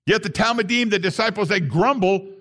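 A man's voice: high voice, a little fast, fairly bright tone. A man preaching a sermon to his congregation, reading scripture and pressing his points with rising emphasis. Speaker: pastor.

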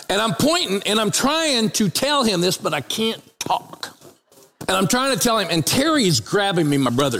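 A man's voice: high voice, normal speed, vocal fry, in a large hall, slight background noise. A man preaching and telling a comic story from the pulpit, acting out each voice. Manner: animated, comic storytelling with acted-out quotes. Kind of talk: storytelling sermon.

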